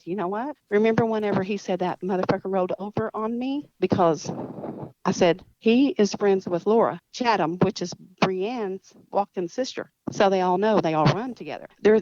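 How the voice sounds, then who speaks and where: A woman's voice: on the low side, a little mellow, no room sound, dull audio. A woman telling a story in a casual interview, rambling with restarts and acting out the dialogue she recalls. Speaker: guest, cousin of the missing woman.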